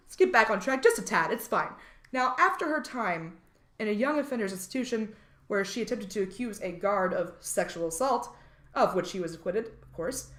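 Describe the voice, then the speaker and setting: A woman's voice: medium pitch, a bit bright, roomy sound. A woman co-hosting a true crime podcast, reading out case details in a casual, joking way and sometimes swearing. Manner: reads case details, then jokes and swears. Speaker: podcast co-host.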